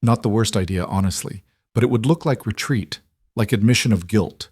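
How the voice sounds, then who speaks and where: A man doing a blunt, seasoned woman lawyer in a storybook reading, brisk and firm as she spells out threats. Her voice sits low and dry, close to the mic. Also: a little mellow, breathy edge, no room sound.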